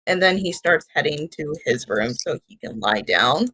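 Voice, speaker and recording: A woman playing a tabletop game, gently describing what her character does. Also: sits low, sing-song, moderate pace, breathy edge, dry recording. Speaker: player.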